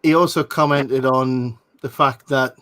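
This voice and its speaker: A man's voice: mid-range voice, fairly even intonation, unhurried, fairly bright tone, low-quality recording. A man hosting a casual movie watch-along, sharing film trivia with frequent ums and laughs. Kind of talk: casual film commentary chat.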